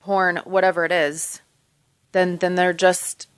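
A woman's voice: on the low side, little pitch movement, a little slow, clear, resonant tone. Emphatic woman co-hosting a chatty podcast. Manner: supportive, emphatic, conversational. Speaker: podcast co-host. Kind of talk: casual chat.

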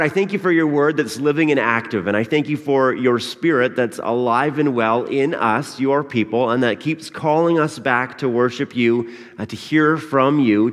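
A pastor giving a sermon in a conversational manner, with frequent pauses and fillers. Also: male voice, mid-range voice. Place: church sanctuary. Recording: long church reverb.

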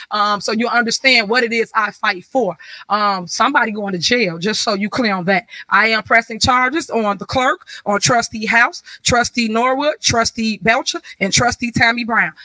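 A woman's voice: a little high, sharp tone, no echo, rough recording. A woman speaking as a village official at a public meeting, defiant and insistent, repeating her points.

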